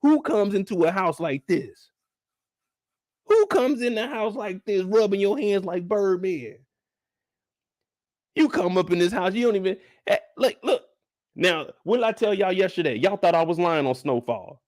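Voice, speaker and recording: Man, show recap host, mocking rants, high-pitched, very lively, dry close sound. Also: a little slow, long pauses, no echo. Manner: mocking, does voices of characters, profane. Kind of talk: animated TV recap commentary.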